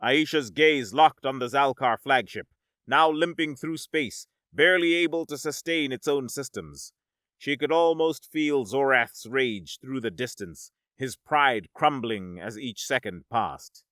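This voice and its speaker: A man narrating a science-fiction story in a dramatic, measured audiobook style. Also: medium pitch, pushed and bright, no room sound, clean studio sound.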